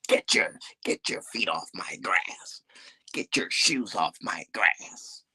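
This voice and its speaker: A man putting on a mocking voice of a grumpy old man who nags and scolds, in a breathy, whispery tone. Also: deep voice, expressive, takes it slowly, pushed and bright, voice pushed down, heavily acted. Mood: mocking whine. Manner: mocking, nagging.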